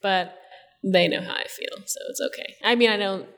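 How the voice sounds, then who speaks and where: A woman's voice: medium pitch, steady tone, normal speed, a bit bright. Rambling young woman in a reverberant room. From New Jersey Shore. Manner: rambling, laughing storyteller, many likes. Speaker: guest. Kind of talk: casual interview chat.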